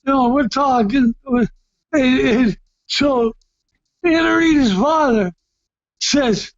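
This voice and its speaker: A middle-aged man from Massachusetts, a retired boxer telling stories in an interview, loud and excitable, often shouting and restarting his sentences. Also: very high-pitched, slow, long pauses, muffled recording. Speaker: retired heavyweight boxer, guest. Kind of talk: casual storytelling interview.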